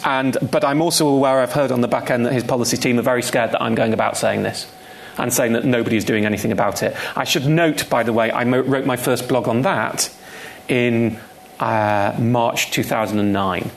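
A man's voice: medium pitch, a little fast, vocal fry. A man speaking as a guest at a live on-stage conversation, emphatic and repeating key points for stress. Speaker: guest speaker, consumer finance campaigner.

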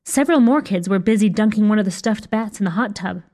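A woman's voice: medium pitch, quick pace, mellow. Woman narrating a story with wry humor. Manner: wry first-person storytelling. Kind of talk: scripted narration.

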